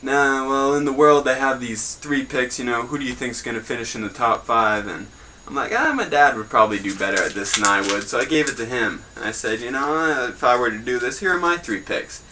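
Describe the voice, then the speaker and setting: Bright-voiced young man joking through news. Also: mid-range voice, a little fast, hardly any pauses, slight background noise, low-quality recording. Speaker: host of a homemade news show. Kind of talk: casual mock newscast.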